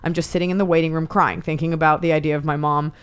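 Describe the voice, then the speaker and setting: A woman comedian talks as a podcast guest in a somewhat low voice, spinning her stories with lively energy. She slips into the voices of the people she quotes as she goes. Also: racing, clear, resonant tone. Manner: animated storytelling, acts out quotes. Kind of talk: casual podcast chat.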